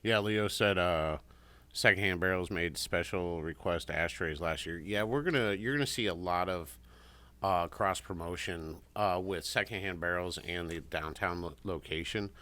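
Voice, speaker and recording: A man's voice: low voice, moderate pace, pushed and bright. A man chatting casually, rambling through stories and acting out what others said. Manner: rambling storyteller, acts out quotes. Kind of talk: casual chat.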